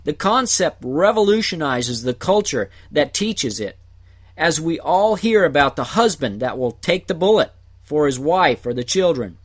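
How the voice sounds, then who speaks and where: A man teaching a Bible passage verse by verse, explaining Greek words in short, deliberate phrases. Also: a little high, sing-song. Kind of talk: slow verse-by-verse Greek word study.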